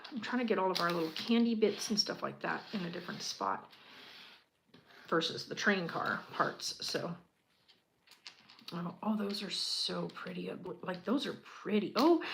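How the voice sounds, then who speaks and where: A woman's voice: mid-range voice, lively intonation, unhurried, creaky, slight background noise, low-quality recording. Chatty gushing woman. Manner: chatty and gushing, with a lot of fillers, often dropping to a quiet murmur. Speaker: channel host. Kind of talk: casual chat while building a Lego set.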